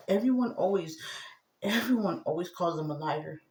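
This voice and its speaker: A woman's voice: lively intonation, moderate pace, a little hiss or hum. Agitated woman rambling in a roomy echo. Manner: agitated, swings between low murmur and loud outbursts. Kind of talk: rambling personal monologue to camera.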